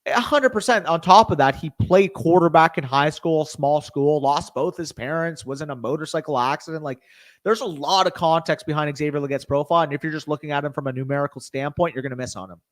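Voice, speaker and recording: Young man, slightly high voice, live-stream host, casual commentary, excitable, swears often. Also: fairly quick. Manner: excitable, swears freely, talks to chat. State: tired, hiccuping.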